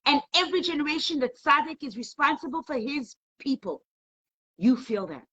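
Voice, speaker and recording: A woman's voice: sits high, lively intonation, normal speed, sharp tone. A middle-aged woman teaching a live online class, telling stories and emotionally pressing her viewers with questions. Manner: emotional, questioning the audience, storytelling.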